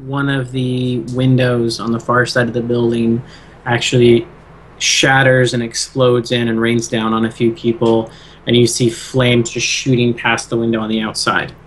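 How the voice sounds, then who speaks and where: A man narrating as game master of an online tabletop session, unhurried and full of ums and uhs. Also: medium pitch, a little hiss or hum. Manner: relaxed, hesitant narration with many fillers.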